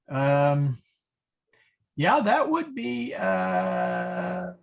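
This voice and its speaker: A man teaching a Latin class online, explaining translations haltingly with many ums and chuckling at his own slips. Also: high-pitched, lively intonation, creaky.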